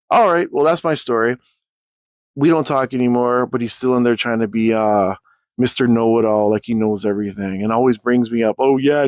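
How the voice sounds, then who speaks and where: A man's voice: mid-range voice, no echo. Profane ranting man, dry sound. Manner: profane, animated, rambling. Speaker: YouTuber. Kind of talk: casual storytime rant.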